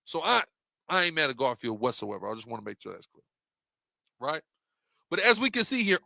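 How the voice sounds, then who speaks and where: A man's voice: a little high, gravelly, bright, forceful tone, no room sound, studio quality. A man giving an impassioned, rhetorical monologue while walking through slides, repeating questions for emphasis. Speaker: religious debater presenting slides.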